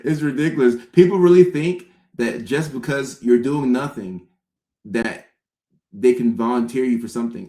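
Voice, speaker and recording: A man hosting a comedic talk-show monologue, acting out friends' voices with big jumps in pitch. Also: moderate pace, dark tone. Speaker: host. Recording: roomy echo.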